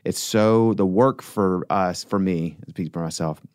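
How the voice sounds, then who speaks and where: A man's voice: low-pitched, measured pace, a little mellow, clean tone, dry recording, studio quality. A man talking earnestly and reflectively in a casual conversation, rambling with frequent restarts and fillers.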